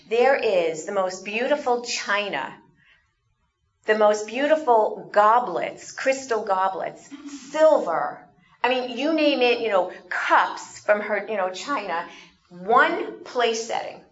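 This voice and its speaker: A woman giving an animated storytelling talk, asking her audience questions as she goes. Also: fairly high pitch, slow, muffled recording. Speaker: speaker.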